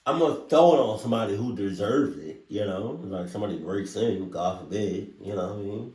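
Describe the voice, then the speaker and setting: A man's voice: fairly low pitch, fairly quick, hardly any pauses, warm tone. A man hosting a reaction video, rambling and joking, trailing off mid-thought as he comments. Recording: roomy, distant mic.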